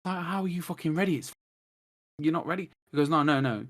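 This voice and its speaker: An English man chatting as a podcast guest, rambling excitedly through stories, swearing and laughing, on a cheap microphone over a video call. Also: a little high, quick pace. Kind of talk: casual chat. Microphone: cheap desktop mic on a video call.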